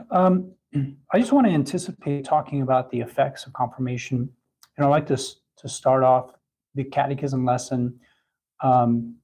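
A man giving a catechism lesson, talking in a halting way with many restarts and fillers. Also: mid-range voice, a little mellow, slightly rough, low-quality recording. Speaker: catechism teacher.

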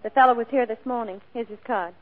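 Actress as a brisk matter-of-fact secretary, high voice, kinda distant, tinny old radio. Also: female voice, natural voice. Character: brisk young female office secretary. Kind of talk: 1940s radio acting.

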